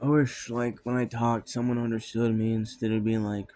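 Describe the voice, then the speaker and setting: A man's voice: mid-range voice, little pitch movement, moderate pace, dark tone, a little hiss or hum. A young man rambling in a casual vlog monologue, trailing off often, with plenty of fillers and swearing. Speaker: vlogger.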